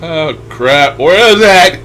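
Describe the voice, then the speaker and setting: A man's voice: fairly high pitch, animated, slow, a bit bright, a little hiss or hum, low-quality recording. An older man talking casually over recordings he plays back, musing aloud and chuckling as he trails off. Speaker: paranormal radio session host. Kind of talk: casual commentary over playback.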